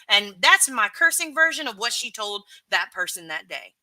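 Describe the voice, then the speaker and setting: A woman's voice: fairly high pitch, big pitch swings, moderate pace, hardly any pauses, bright, forceful tone, no echo. A woman hosting a live stream, reading chat and giving her candid, emphatic opinions with casual swearing.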